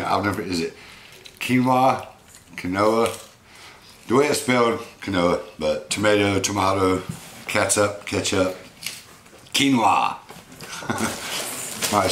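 A man's voice: lowish voice, fairly bright tone, echoey room, a little hiss or hum. A man casually unboxing fan mail and talking sweetly to his pet monkey. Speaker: pet vlogger.

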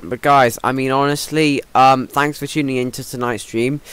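A man's voice: medium pitch, fairly even intonation, normal speed, a bit bright, smooth, dry recording. A young man chatting loosely on a live stream, laughing and using slang. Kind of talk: casual live-stream chat.

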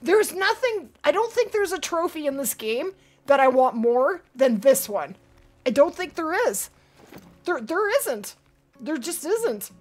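A woman hosting a live gaming stream, chatty and excitable, talking to her chat and to the game. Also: sits high, a little slow, faint music behind. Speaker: livestream host.

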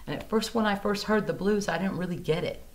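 A woman blues singer telling stories in a casual interview at a music museum, animated and acting out the people she quotes. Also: mid-range voice, fast.

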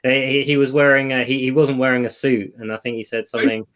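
A young man with a southern English accent talks in a relaxed, teasing way and breaks into laughter often. His voice sits at an ordinary middle pitch. He sounds like one co-host in a loose group chat. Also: quick pace. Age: young adult. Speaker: podcast co-host. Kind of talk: casual chat.

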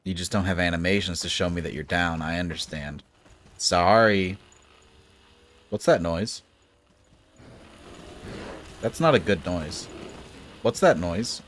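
A man's voice: low-pitched, unhurried, long pauses, a bit bright, a little hiss or hum. A young man casually commenting on a game he plays, joking and laughing at himself. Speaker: gaming YouTuber.

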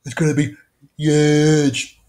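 A man's voice: fairly high pitch, flat delivery, slow, a little mellow. A man impersonating a boastful male politician, brash and drawn out.

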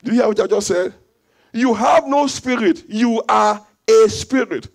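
A man preaching a fervent sermon in a church service, repeating phrases for the congregation and bursting into shouts. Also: high voice, measured pace, creaky. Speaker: pastor.

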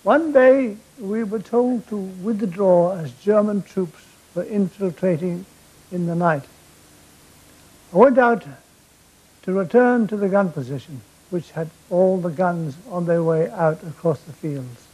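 An older man telling wartime comic anecdotes on stage, with dry deadpan timing and stammered restarts. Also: high voice, a little slow, slightly rough, low-quality recording. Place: theatre stage before a laughing audience.

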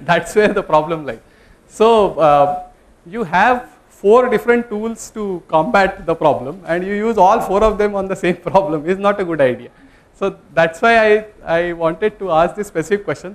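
A man giving a classroom lecture, talking in a conversational way, polling the students and correcting himself mid-sentence. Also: high-pitched. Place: lecture room.

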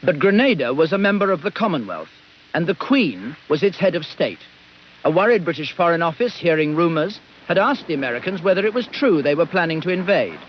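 A man's voice: a little high, very animated, brisk, a little hiss or hum. A man giving scripted documentary narration. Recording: muffled archive documentary audio.

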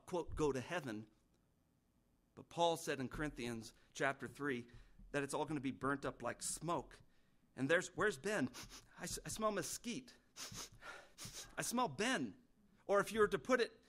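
A middle-aged male pastor preaching a sermon, earnest, with sudden rises in pitch and loudness.

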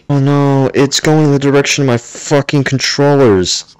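A man's voice: mid-range voice, steady tone, measured pace, a little mellow, clear, resonant tone, dry recording. A man giving gameplay commentary while playing in VR, ranting with constant swearing and exasperation. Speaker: gamer playing in VR.

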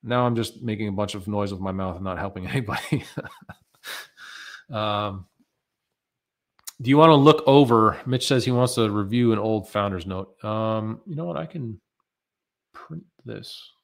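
A man's voice: lowish voice, moderate pace, creaky, long pauses. An American man presenting a live webinar, talking loosely and conversationally with many fillers as he answers viewer questions.

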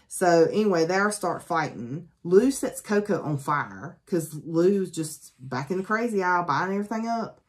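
A woman with a low voice retelling a book's plot to her viewers. She talks in a loose, chatty way with plenty of ums and uhs. She drops dry, sarcastic jokes as she goes. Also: lively intonation, unhurried, a little mellow. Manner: chatty, lots of ums and asides; sarcastic, joking. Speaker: book reviewer. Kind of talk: casual spoken book summary.

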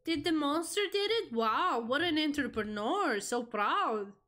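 A young woman streaming a horror game, reacting out loud, swearing and talking to the game as she plays. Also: high-pitched, expressive, a little slow. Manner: jumpy, swearing, talks to the game. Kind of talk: live gameplay reaction.

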